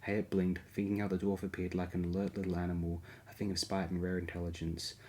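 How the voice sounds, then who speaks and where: Deep monotone male audiobook narrator. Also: fast.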